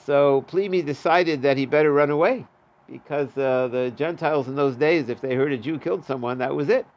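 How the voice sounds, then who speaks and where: A man's voice: a little high, a little fast, a little mellow, lo-fi sound. A man teaching a Talmud class, reading the Aramaic and translating it in a casual, chatty way. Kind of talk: daf yomi Talmud class.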